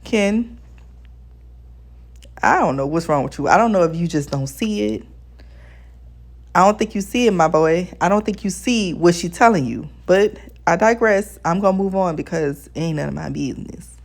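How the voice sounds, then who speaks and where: Woman vlogger, fairly low pitch, blunt and fed-up in tone, chatting to her viewers like friends. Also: normal speed. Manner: blunt, exasperated ranting; addresses viewers as besties. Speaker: TV show reviewer. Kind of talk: casual vlog commentary.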